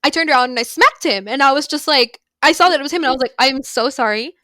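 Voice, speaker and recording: A woman's voice: high voice, racing, pushed and bright, no room sound. A young woman co-hosting a podcast, recapping a novel in casual chat with lots of "like" and emphatic asides. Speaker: podcast co-host. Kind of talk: casual book discussion.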